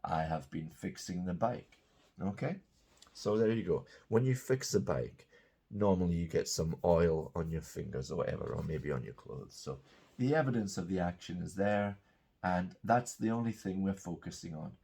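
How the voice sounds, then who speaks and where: A man's voice: sits low, expressive, normal speed, gravelly, warm tone, husky. A man teaching English grammar, patiently explaining example sentences and checking in with "okay?". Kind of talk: grammar lesson.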